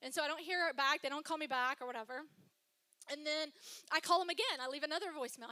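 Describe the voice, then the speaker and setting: A young woman pastor preaches from a church stage into a microphone. Her voice sits high and rings bright. She talks in a chatty, personal way, telling stories and tossing in asides to the congregation. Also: fast talker. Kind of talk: sermon.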